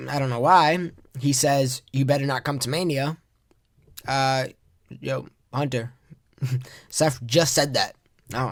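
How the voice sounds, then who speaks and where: A man with a slightly high voice recaps wrestling in a loose, rambling way. He sounds exasperated and vents freely, recorded dry and close with no room sound. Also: no echo. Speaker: podcast host.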